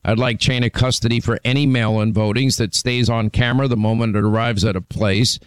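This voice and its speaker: A man's voice: medium pitch, fairly even intonation, fairly quick, smooth. A man hosting a call-in talk radio show, talking emphatically with frequent restarts as he lists his points.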